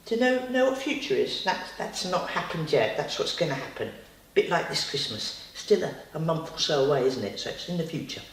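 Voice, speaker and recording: Lively woman telling a bedtime story. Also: deep voice, a little fast. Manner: lively, chatty asides to the child. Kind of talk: bedtime story told to a child. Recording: roomy, distant.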